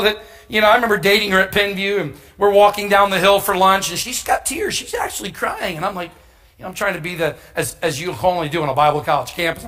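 A middle-aged man preaches through a personal story, his voice sitting high and ringing bright and forceful. He is humorous and animated, and he punches key lines with sudden emphatic shouts. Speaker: pastor. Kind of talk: storytelling sermon.

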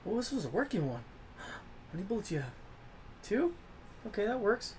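A man giving let's-play commentary as a gaming host, swearing a lot and swinging from low muttering to yelling at the game. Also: big pitch swings, a little fast, pauses often, a little hiss or hum.

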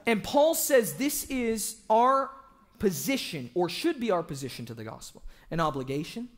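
A young man preaching an evangelistic sermon in a church, joking with the congregation and breaking into shouts for emphasis. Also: high-pitched, normal speed. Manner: animated, joking, bursts into shouting.

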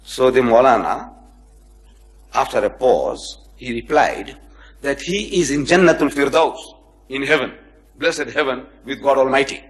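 Unhurried and mid-range in pitch, a man gives a public lecture on comparative religion to a live audience. He tells his anecdotes with animation, acting out the people in them, while joking with and chiding his listeners.

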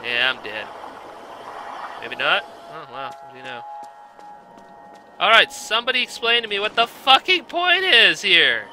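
A man giving blind let's play commentary, exasperated, swearing often and yelling at the game. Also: sits high, sing-song, a little slow, long pauses, slight background noise.

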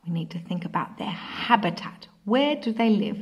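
A woman with a British accent teaching a remote lesson to young children in a slow, sing-song way that often drops to a soft whisper. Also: mid-range voice, animated. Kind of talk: early-years remote lesson.

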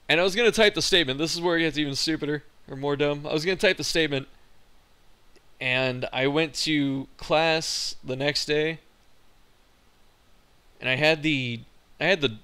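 Bright, crisp-voiced young man venting. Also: on the high side. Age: young adult. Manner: frustrated, profane storytelling. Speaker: college student vlogger. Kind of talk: casual venting monologue.

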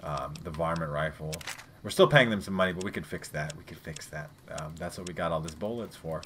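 A man's voice: a bass voice, fairly quick, a bit bright, slight background noise. A man giving casual, rambling gameplay commentary, swearing freely and chatting to his viewers. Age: adult parent. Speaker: let's play gamer.

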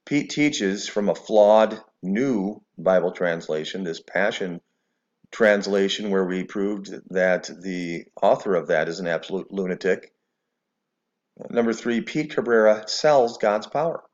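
A man's voice: sits low, unhurried, lo-fi sound. A man giving scornful, preachy religious commentary to the camera, mixing scripture with sarcasm. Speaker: video commentator.

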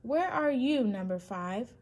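A woman voicing an excitable, fussy mother duck, pitched up and shrill. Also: a little slow. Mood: alarmed.

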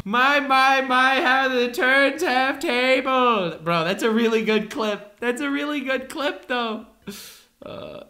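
A woman hosting a meme reaction video, exclaiming in disbelief and then giving flat mock-deadpan verdicts. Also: high voice, takes it slowly, soft background music. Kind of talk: casual reaction commentary.

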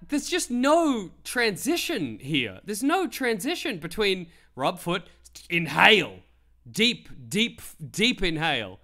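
A man's voice: high-pitched, wildly swooping pitch, normal speed, bright, forceful tone. A man hosting a live stream, giving comedic commentary with mock outrage, laughter and casual swearing. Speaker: livestream host.

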